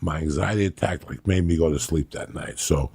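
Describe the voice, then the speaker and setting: A man's voice: a bass voice, brisk, a little mellow, husky, no room sound. A man in his fifties telling rambling, profane stories in a casual podcast chat. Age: 50s. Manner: rambling, profane, laughing storyteller. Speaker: podcast host.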